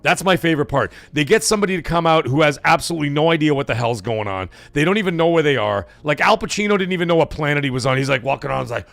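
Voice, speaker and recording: A man's voice: a little high, animated, racing, creaky, hardly any pauses, a bit bright, no echo. A man hosting a casual live stream, rambling, swearing and saying "like" a lot. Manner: rambling, swears, heavy use of "like". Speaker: livestream host.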